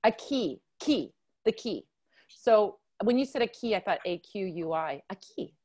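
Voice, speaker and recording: A woman's voice: medium pitch, expressive, measured pace, darkish tone. A woman hosting a live video call chat, bubbly, laughing often and talking in bursts. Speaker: host.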